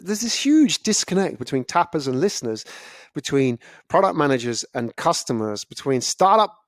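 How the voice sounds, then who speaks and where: A man giving a casual, animated talk about storytelling, often acting out other people's reactions. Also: fairly high pitch, dry recording, clean studio sound. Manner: animated, acts out listeners' reactions. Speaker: speaker on storytelling.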